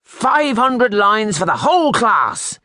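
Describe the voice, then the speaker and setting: A stern, irritable schoolmaster, put on by a male reader, barks his commands in a raised, higher voice. The audiobook recording is dry and close, with no room sound. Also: very animated, slow pace, no echo, full character voice. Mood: furious. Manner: barking short commands. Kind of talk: audiobook character voice.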